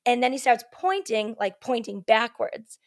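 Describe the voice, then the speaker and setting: A woman with a somewhat high voice, telling a story as a guest in a casual podcast chat. She talks in an easy, rambling way, leans on "like" and "you know", and acts out what others said with lively quoted voices. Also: unhurried. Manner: chatty, heavy use of "like" and "you know"; animated, acts out quoted lines.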